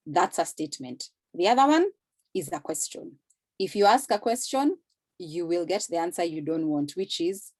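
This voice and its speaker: A woman with a somewhat low voice gives earnest, explanatory advice over a video call. The sound is dry and close, with no room echo. She talks conversationally and now and then acts out brief example sentences. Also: a little mellow. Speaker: panel speaker giving career advice.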